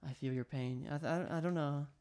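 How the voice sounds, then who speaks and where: A man's voice: on the high side, steady tone, moderate pace, a little mellow. A man from Louisiana hosting a casual livestream, joking and laughing often as he chats with a guest. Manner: jokey, laughs often, playful banter. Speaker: livestream host.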